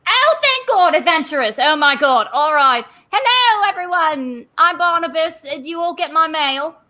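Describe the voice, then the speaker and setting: A woman's voice: animated, moderate pace, exaggerated voice. A woman voicing a sweaty, balding dwarf mall cop who frets and rambles. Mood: relieved. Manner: fretful, rambling, high and loud.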